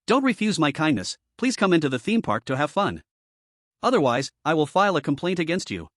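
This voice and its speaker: A man's voice: on the high side, sing-song, a little fast, no echo, clean studio sound. A man reading a pushy, falsely polite park worker woman. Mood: insistent. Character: smiling, pushy young female theme park worker.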